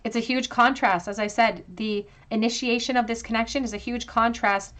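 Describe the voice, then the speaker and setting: A woman giving a pick-a-card tarot reading to viewers, talking gently and reassuringly and thinking aloud with frequent ums. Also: fairly high pitch, fairly even intonation, normal speed. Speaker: tarot reader.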